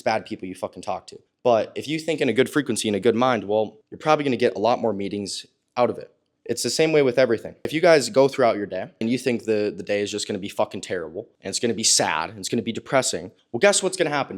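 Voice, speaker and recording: A man giving a blunt, profane business coaching talk. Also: on the low side. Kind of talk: coaching monologue.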